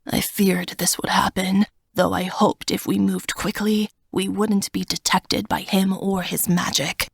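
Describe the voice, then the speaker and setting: A woman voicing a protective, defiant cursed male dragon in whispered role-play, speaking gravely and with determination. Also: mid-range voice, flat delivery, measured pace, no room sound, clean studio sound. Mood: grim resolve.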